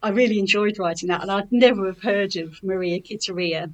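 A woman's voice: mid-range voice, fairly even intonation, brisk, highs cut off. Hesitant chatty woman poet. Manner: hesitant, many fillers and restarts. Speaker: poet and author. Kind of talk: casual chat.

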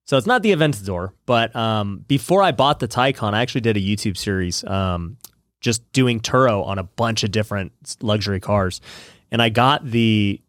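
A man's voice: on the low side, moderate pace, fairly bright tone, dry recording, studio quality. A man in his thirties hosting a podcast, laid-back and agreeable, saying "dude" a lot. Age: 30s. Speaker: podcast host. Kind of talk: casual podcast chat.

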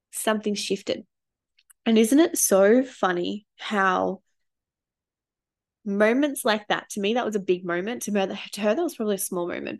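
A woman in her thirties, a parenting coach telling personal stories in a casual, candid way, swearing freely and getting emotional. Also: medium pitch. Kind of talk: casual storytelling vlog.

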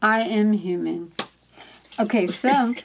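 A woman's voice: medium pitch, slow pace, creaky, a little hiss or hum. A woman telling a candid personal story in a chatty manner, laughing often as she talks.

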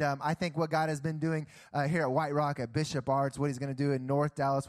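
A man preaching a lively sermon to his church, checking in with the crowd with a constant "okay?". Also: on the high side. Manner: energetic, keeps asking "okay?". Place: church stage.

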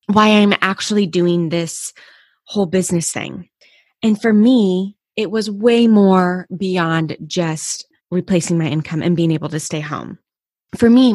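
A woman in her thirties speaks in a fairly low voice, hosting a motivational podcast. She talks in a candid, personal and encouraging way. The sound is dry and close to the mic, with no room around it. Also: no echo. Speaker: podcast host. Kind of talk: motivational solo podcast talk.

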